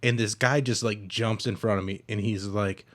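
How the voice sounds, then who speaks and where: A young man hosting a casual comedy podcast, telling a story with lively voiced-out dialogue. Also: lowish voice, normal speed. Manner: animated storyteller acting out both sides of a dialogue. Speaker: podcast host.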